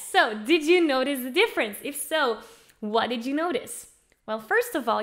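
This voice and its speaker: A woman teaching an online singing lesson, explaining things in an upbeat way and demonstrating with her own voice. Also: on the high side. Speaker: vocal coach.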